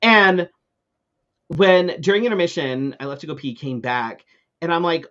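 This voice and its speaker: Animated, swearing male talk-show host. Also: on the high side, normal speed, muffled recording. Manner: animated storytelling with frequent swearing and fillers. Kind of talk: casual chat, ranting anecdote.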